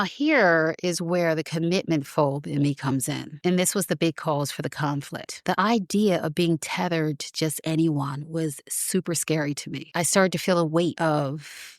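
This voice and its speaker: A woman's voice: low voice, dry recording, clean studio sound. A middle-aged woman hosting a reflective, conversational monologue, full of rhetorical questions and sarcastic asides. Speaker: host.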